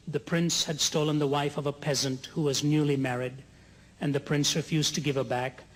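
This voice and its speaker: A man preaching a sermon to a large gathering, telling stories earnestly and slowing down to stress key lines. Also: a little high. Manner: earnest storytelling, slows for emphasis, builds to soaring climax. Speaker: evangelist preacher. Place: large conference hall. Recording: long hall reverb.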